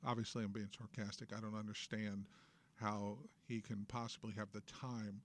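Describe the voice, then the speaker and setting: A man's voice: on the low side, little pitch movement, moderate pace. Opinionated New York talk-radio man. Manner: opinionated, sarcastic, emphatic rants. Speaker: host. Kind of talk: political talk show monologue.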